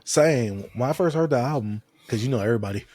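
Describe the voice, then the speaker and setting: An animated man co-hosts a casual podcast and slips into quoted voices as he tells stories. His pitch sits in the middle range. The sound is dry and close, with no room echo. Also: fast talker. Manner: animated, acts out quotes when telling stories. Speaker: podcast co-host. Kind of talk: casual chat.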